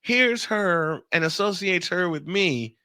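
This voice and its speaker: A male show host tells a story with a lot of energy, laughing and speeding through the punchlines. His voice is bright and forceful, and it swings up and down in pitch. The sound is dry and close. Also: no room sound. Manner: animated, laughing, quick bursts of speech. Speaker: radio and podcast host. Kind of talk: storytelling in casual chat.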